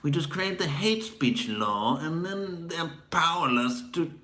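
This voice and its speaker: A man voicing a haughty, scheming male British tyrant with a put-on British accent, gloating in a drawn-out way. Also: a little high, animated, sharp tone, roomy sound, pitched above the performer's own voice. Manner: gloating, sneering, drawn-out delivery.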